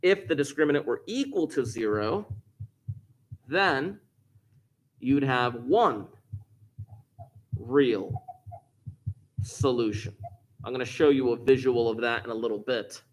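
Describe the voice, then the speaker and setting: A man's voice: medium pitch, a little slow, long pauses, a little hiss or hum. A man teaching a class, explaining step by step and repeating key points, recorded in a classroom. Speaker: math teacher. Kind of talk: classroom lecture.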